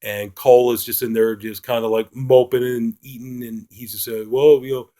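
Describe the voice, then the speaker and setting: A man's voice: medium pitch, little pitch movement, moderate pace, mellow. A man reviewing a film in a casual, rambling retelling, full of fillers.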